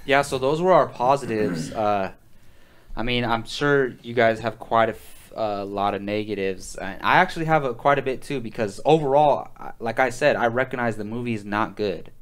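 A man's voice: medium pitch, normal speed. A man hosting a casual movie podcast, leading the chat in a loose, conversational way. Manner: conversational, leads the discussion, fillers. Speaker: podcast host.

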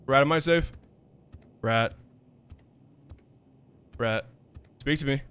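A man's voice: medium pitch, takes it slowly, fairly bright tone, clean tone. A young man hosting a let's-play, joking, swearing and laughing as he reacts. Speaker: gaming video host.

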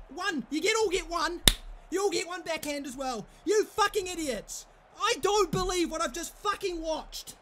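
A young man commentating his own football management game, raging and swearing loudly at his players. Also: very high voice, fairly quick, background noise. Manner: furious, swearing, shouting at players. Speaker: gaming YouTuber. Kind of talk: live gameplay commentary.

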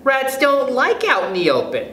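A man's voice: extremely high pitch, wildly swooping pitch, normal speed, sharp tone, voice pushed up, full character voice. A man reading a storybook, putting on the voice of a timid young schoolgirl. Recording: echoey room, faint background noise.

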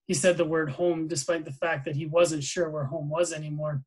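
A man reads a novel aloud in a steady storybook manner. His voice sits a little above the usual male pitch. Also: normal speed, hardly any pauses, low-quality recording. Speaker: reader.

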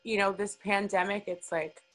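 A woman's voice: mid-range voice, fairly even intonation, normal speed, fairly bright tone, low-quality recording. A woman hosting a podcast, talking in an emotional, encouraging and emphatic way. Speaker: podcast host. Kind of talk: casual interview chat.

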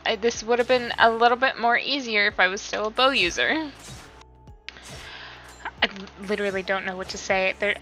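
A woman's voice: medium pitch, normal speed, pauses often, pushed and bright. A young woman casually commenting on her game, giggly and self-deprecating as she talks to herself. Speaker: gaming YouTuber. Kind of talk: casual let's-play commentary with dialogue read-alouds. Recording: slightly dull home mic with game music behind.

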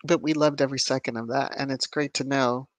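A woman hosting a casual livestream, chatting and greeting viewers by name with lively rises in her voice. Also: a bass voice, brisk, dry recording. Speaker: livestream host. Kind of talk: casual live chat reading viewer comments.

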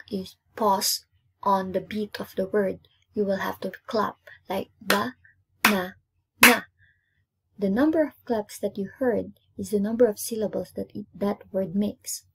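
A woman's voice: medium pitch, vocal fry, background noise. A woman from Indonesia teaching an English lesson, repeating each word twice and counting out its syllables. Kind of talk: classroom lesson, spelled-out syllables.

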